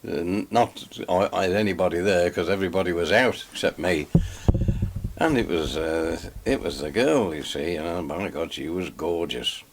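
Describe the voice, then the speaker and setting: An older man telling a personal memory in an oral-history interview, in an unhurried storytelling way with quiet asides. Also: deep voice, slight background noise. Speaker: interviewee recalling holidays. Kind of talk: archive oral-history reminiscence.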